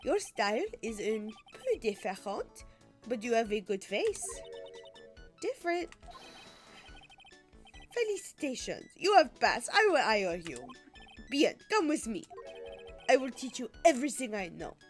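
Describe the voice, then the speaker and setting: A woman's voice: fairly high pitch, sing-song, unhurried, pauses often, soft background music. A woman voicing a flamboyant man in a video game with a put-on French accent, speaking grandly and theatrically.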